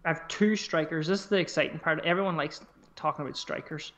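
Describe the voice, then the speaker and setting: A man's voice: a little high, steady tone, fast talker, pushed and bright. A man co-hosting a casual podcast chat, swearing freely as he talks through his squad choices aloud. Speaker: podcast co-host. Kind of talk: casual fantasy football chat.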